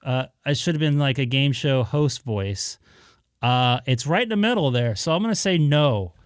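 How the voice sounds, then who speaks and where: A man's voice: mid-range voice, expressive, moderate pace, clear, resonant tone, no room sound, clean studio sound. A man chatting casually to viewers on his amateur radio live stream, rambling with many fillers in an easygoing way. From Southern California.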